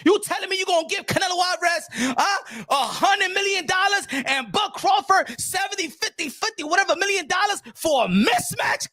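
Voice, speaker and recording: Loud high-pitched ranting man. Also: no echo, clean studio sound. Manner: loud, profane, switching into Spanish. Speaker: boxing commentator. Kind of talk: ranting boxing commentary.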